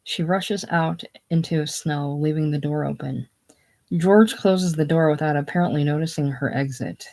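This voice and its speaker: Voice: medium pitch, normal speed, a little mellow. A casual reader of a stage play. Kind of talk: casual reading of a stage play, with the stage directions read aloud.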